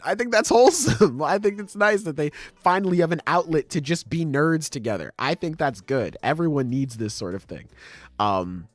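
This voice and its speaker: A man's voice: medium pitch, dry recording. A man co-hosting a podcast, chatting loosely and swearing as he recaps manga chapters, slipping into offhand paraphrases of the characters. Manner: laid-back, profane, acts out characters in offhand paraphrase. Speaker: podcast co-host.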